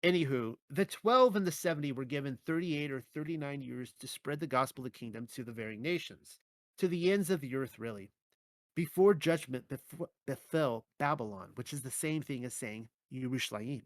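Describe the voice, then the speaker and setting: A man reading his own Bible teaching article aloud in a measured way, with occasional stumbles and wry asides. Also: mid-range voice, expressive, no room sound.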